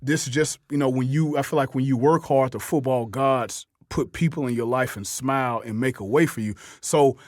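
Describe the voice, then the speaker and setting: A man's voice: medium pitch, normal speed, few pauses, a little mellow, dry recording, studio quality. A man hosting a casual podcast chat, telling football stories and acting out the voices of the people in them. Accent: New Orleans. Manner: storytelling, acts out quoted voices, repeats words. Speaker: host, football coach.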